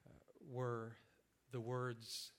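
A man preaching a sermon in an earnest, reflective way, building in force and then softening. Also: mid-range voice, monotone, very slow.

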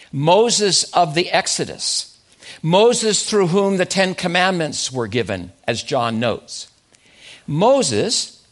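A man with a high, light voice delivers a sermon. He presses his points with repeated rhetorical questions and slows down to land the key phrases. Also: fairly bright tone. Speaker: pastor.

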